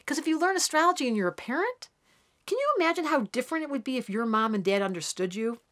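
A woman's voice: sits high, fast talker. Chatty woman astrologer reading horoscopes. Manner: chatty, animated, acts out voices for the planets. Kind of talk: daily horoscope talk to camera.

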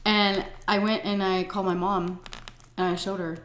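A middle-aged woman tells a story from her own life on her home vlog, blunt and unfiltered, with swearing. Her voice sits at an ordinary pitch for a woman. It carries a roomy echo from the indoor space. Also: little pitch movement, normal speed, a bit bright, a little hiss or hum. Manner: blunt and profane, vivid retelling. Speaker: storytime vlogger. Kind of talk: casual storytelling. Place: indoors at home, eating on camera.

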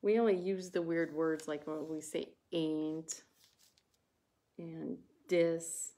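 A woman with a Wisconsin accent hosts a relaxed craft livestream. She talks at an unhurried pace and chats with her viewers while she keeps working. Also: low-pitched. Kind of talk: casual livestream craft chat.

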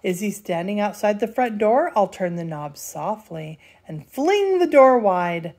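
Grandma reading a bedtime story, playful and lively, kinda mellow warm tone. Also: female voice, mid-range voice, measured pace. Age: older. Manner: lively, playful, does character voices. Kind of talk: storybook read-aloud.

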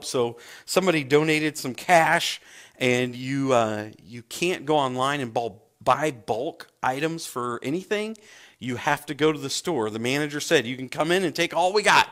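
A male pastor delivers a sermon in a mid-range voice, telling stories as an animated narrator. He acts out the voices of the people in his tales.

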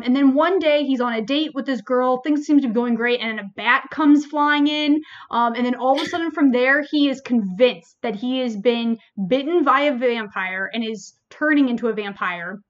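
High-voiced chatty woman librarian. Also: dull audio. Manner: animated, many fillers like "like" and "um". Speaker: librarian podcast host. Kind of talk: casual review chat.

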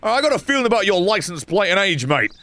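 A man's voice: sits high, big pitch swings, racing, soft background music. Sarcastic man ranting over a game. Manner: sarcastic, swearing, swings from mutters to shouts. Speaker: gaming streamer. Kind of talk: playing a game with live commentary.

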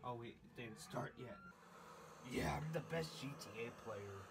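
A man's voice: medium pitch, wildly swooping pitch, measured pace, creaky, noisy background, heavily acted. A man voicing a cocky male turtle gamer who brags and trash-talks nonstop, in a puppet comedy skit. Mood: taunting. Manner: bragging, trash-talking.

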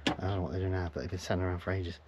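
A very low-pitched man chats in a loose, rambling way while camping in his van, now and then lowering his voice to a near-whisper. A handheld camera records him outdoors, with clear background noise all around. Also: level tone, racing. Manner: rambling, chuckling, sometimes hushed to avoid being overheard. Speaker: vlogger. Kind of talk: casual camping vlog chat. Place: in a van at a forest campsite, outdoors. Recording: noisy outdoor ambience.

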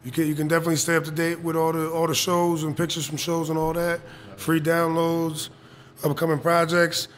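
A man's voice: a little high, completely flat delivery. A man guesting as a rapper on a podcast, joking around in slangy talk. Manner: joking, slangy, quick asides. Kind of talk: casual interview chat.

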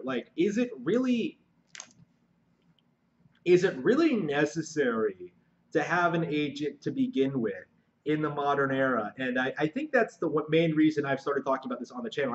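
A slightly high-voiced man, an aspiring novelist vlogging, speaks an unscripted monologue to camera. He halts often, piling up fillers and restarting repeatedly, sounding frustrated as he searches for words. The recording is dull and lo-fi.

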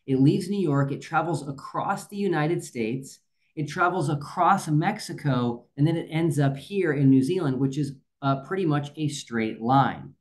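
A man's voice: a little high, normal speed. A man reviewing a debate as a guest, explaining his point methodically in casual talk. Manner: methodical, walks through evidence step by step.

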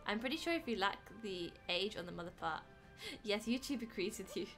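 A woman's voice: medium pitch, animated, a little fast. A young British woman chatting playfully while streaming a game, exclaiming as she plays. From Britain. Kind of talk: casual gaming stream chat. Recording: faint background music.

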